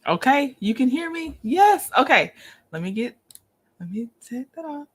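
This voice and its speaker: A woman hosting a casual livestream, greeting viewers by name, lively and quick to laugh. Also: high-pitched. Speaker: livestream host.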